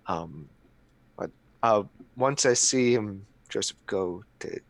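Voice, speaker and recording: A man with a lowish voice and some vocal fry speaks slowly, recorded dry. He's a player in a tabletop role-play chat, hesitantly describing what his character does, with lots of fillers.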